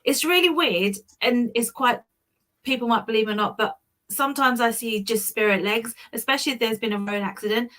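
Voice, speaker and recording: A woman's voice: on the high side, fairly quick, sharp tone. A woman from Hemel Hempstead with a Southern English accent, a guest telling stories in a chatty, self-deprecating way. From Hemel Hempstead, England. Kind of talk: casual storytelling chat.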